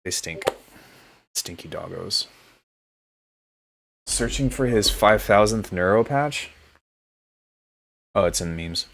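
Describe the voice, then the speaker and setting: A man hosting a live stream from home as a music producer, chatting casually in a relaxed, joking way. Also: fairly low pitch, takes it slowly, gravelly, pauses often. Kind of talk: casual livestream chat.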